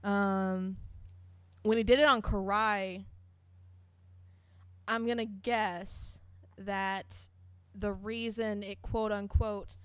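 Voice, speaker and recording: Slow-talking young woman on a podcast. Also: mid-range voice, level tone, clear, resonant tone, dry recording. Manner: unhurried, thoughtful, laughs easily. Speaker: podcast co-host. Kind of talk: casual chat about a cartoon.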